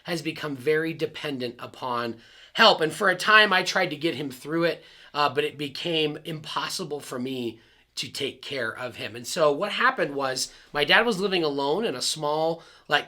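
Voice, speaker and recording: A man's voice: fairly high pitch, moderate pace, pushed and bright. A man, a pastor, telling a personal story in an earnest, confiding way and speaking straight to his listeners. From Arizona.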